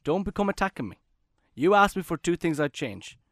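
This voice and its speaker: A man in his thirties co-hosting a podcast in casual chat, jokey and quick to defend himself. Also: on the high side, sing-song, a bit bright, no room sound, studio quality. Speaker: podcast co-host.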